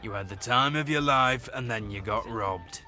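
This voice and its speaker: A man's voice: mid-range voice, moderate pace, bright, forceful tone, faint music behind. An actor playing a sly male con-man who wheedles and plays for sympathy in a video game. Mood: wheedling. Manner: wheedling, theatrical.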